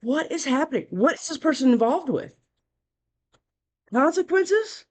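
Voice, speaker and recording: A woman's voice: high voice, animated, brisk, a little mellow. A woman giving a casual tarot reading, talking bluntly and chattily, scolding and cursing freely. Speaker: tarot reader.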